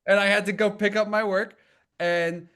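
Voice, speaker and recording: A man's voice: sits high, steady tone, normal speed, a bit bright, clean tone. A man co-hosting a podcast, telling a rambling story in casual chat with many restarts. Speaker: podcast co-host.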